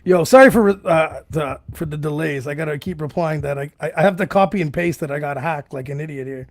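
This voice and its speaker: A man's voice: fairly high pitch, fairly quick, no room sound. A man co-hosting a casual podcast, telling a profane story and laughing often. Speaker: podcast co-host.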